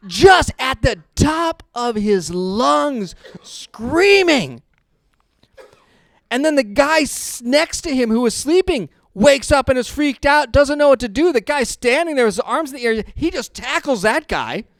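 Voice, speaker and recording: A young adult man pastor preaching a sermon in a conversational, storytelling way, laughing often and growing loud and animated in his stories. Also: very high-pitched, unhurried, no echo. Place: church.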